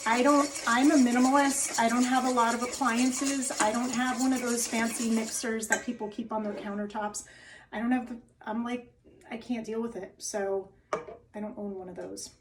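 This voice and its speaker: She's a New Jersey-accented wellness cooking host giving a relaxed recipe demonstration to camera in her home kitchen, chatty and forever adding "okay?". The voice is slightly high, fairly even in intonation, at normal speed, picked up from a distance against a noisy background.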